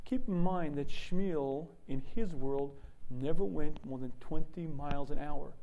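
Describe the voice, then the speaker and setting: High-voiced man teaching by storytelling. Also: measured pace, warm tone, rough recording. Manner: frequent throat clearing, vivid storytelling. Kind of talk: storytelling religious lesson.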